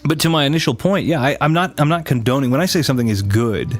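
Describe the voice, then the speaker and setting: A man's voice: medium pitch, fast talker, soft background music. A man chatting casually on a live stream, rambling with many restarts and fillers, teasing his chat now and then.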